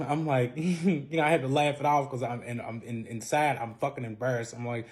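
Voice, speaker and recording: Man, casual storytime vlogger, loud bursts then muttered asides, swearing freely. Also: mid-range voice, normal speed. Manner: animated, profane, swings loud and soft.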